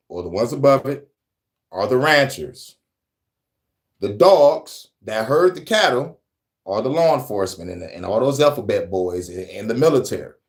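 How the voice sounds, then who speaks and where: A young man with a New York accent, co-hosting a casual, profane podcast chat, animated and laughing often. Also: mid-range voice. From New York, Bronx. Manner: animated, laughing, swearing, breaks into rap voices. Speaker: podcast co-host.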